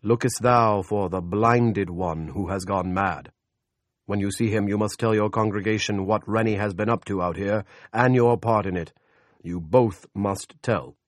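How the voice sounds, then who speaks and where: A man voicing God in an audiobook, loud, slow and solemn, with old-fashioned speech. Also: on the low side, no room sound, clean studio sound, natural voice. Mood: commanding. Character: booming scolding male voice of God. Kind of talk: audiobook character voice.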